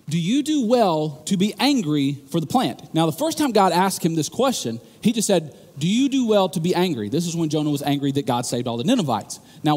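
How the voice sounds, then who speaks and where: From the stage of a large hall, a man preaches a sermon, telling the story in an animated, joking way that builds to emphatic bursts. His voice is a little high with a breathy edge.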